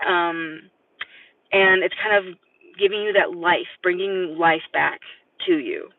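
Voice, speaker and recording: A man's voice: high-pitched, slow, dry recording. A man giving a live-stream tarot reading, rambling and hesitant with many fillers. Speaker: tarot reader. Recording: distant, tinny phone-like sound.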